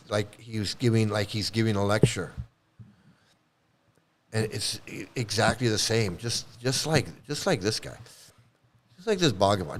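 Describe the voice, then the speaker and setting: A man giving a rambling, blunt commentary in casual monologue, swearing freely and restarting his sentences often. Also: mid-range voice. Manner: rambling, blunt, profane, many restarts and fillers. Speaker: ex-cult commentator.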